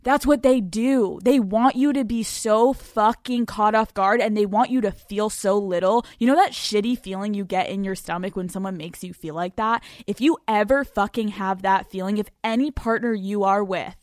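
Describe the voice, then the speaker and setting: A woman's voice: mid-range voice, moderate pace, hardly any pauses, dry recording, clean studio sound. A young woman hosting a podcast, talking bluntly and emphatically with lots of swearing, in a casual chat and rant. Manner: blunt, heavily profane, emphatic rants. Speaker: podcast host.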